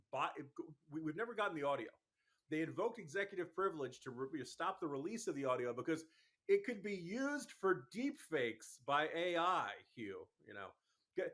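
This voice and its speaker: A man with a voice pitched a little above the usual male range, talking as a radio guest. He presses his points quickly and emphatically, with an exasperated edge that runs through the whole conversation. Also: fairly bright tone. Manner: fast, exasperated, emphatic argument. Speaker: political commentator guest. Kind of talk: talk radio interview.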